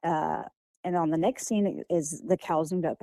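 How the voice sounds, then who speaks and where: A woman's voice: deep voice, unhurried, dark tone, no echo, low-quality recording. A young woman, a children's author, answering interview questions in a casual, hesitant way with many fillers and restarts. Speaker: guest author.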